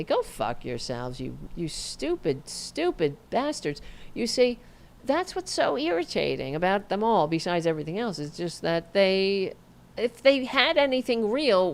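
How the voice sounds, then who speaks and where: Host, woman, low-pitched, sarcastic and profane political ranter. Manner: reads online comments aloud mockingly. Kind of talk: angry political commentary, solo stream.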